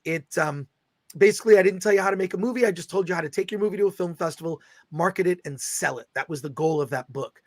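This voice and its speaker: A middle-aged man hosting a casual livestream chat, excitably reading viewer comments aloud. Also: high-pitched, fast talker, no echo. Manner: excitable, reads viewer super chats aloud. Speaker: host.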